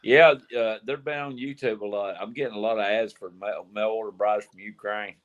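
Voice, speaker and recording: A man's voice: lowish voice, fairly even intonation, fairly quick, a bit bright. A man hosting a casual group livestream, joking and rambling, laughing at his own jokes. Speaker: livestream host, motorcycle vlogger. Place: outdoors at night, windy.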